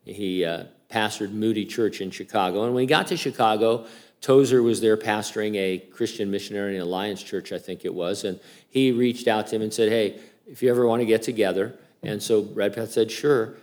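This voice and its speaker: An older male pastor preaches in a relaxed, conversational way. He talks like he is chatting with friends, stopping often to restart a thought. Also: lowish voice, fairly quick. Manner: chatty and informal, with many fillers and restarts. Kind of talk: casual conversational sermon.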